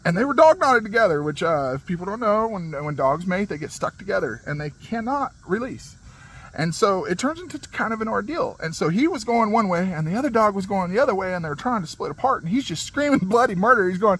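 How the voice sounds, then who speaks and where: A high-voiced man tells a story in a loose, rambling way, full of fillers and restarts. He laughs as he talks. His manner is casual and animated, like a vlogger chatting to his viewers. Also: brisk, low-quality recording. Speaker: channel host.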